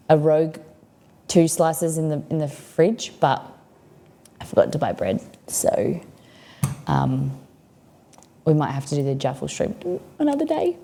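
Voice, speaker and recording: A woman's voice: on the low side, dark tone. Chatty Australian woman hosting a stream. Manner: rambling and chatty, reads viewer comments aloud. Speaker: cooking stream host. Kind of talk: casual livestream chat. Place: home kitchen.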